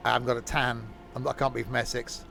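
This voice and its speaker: A man's voice: medium pitch, flat delivery, fast, creaky, bright, forceful tone, soft background music. A man giving live gameplay commentary as a streamer, rambling and joking to himself as he plays. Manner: rambling, jokey talking to himself. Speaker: game streamer.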